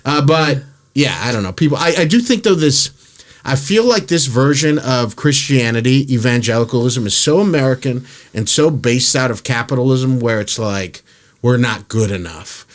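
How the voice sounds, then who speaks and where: A man's voice: mid-range voice, normal speed. A man hosting a podcast in casual chat, candid and blunt, swearing freely and laughing often. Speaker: podcast host.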